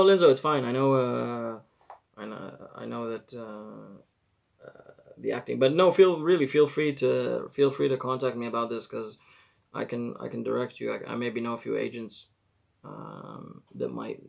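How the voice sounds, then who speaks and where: A man's voice: mid-range voice, vocal fry, dull audio. A man, chatting casually on a live stream and giving rambling advice as he corrects himself. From Israel. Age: 40s.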